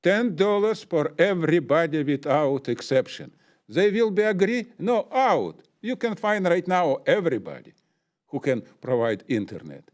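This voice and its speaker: A man's voice: fairly high pitch, very animated, moderate pace. Impassioned man with broken English. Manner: emotional, broken non-native English. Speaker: public commenter. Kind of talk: impassioned public comment.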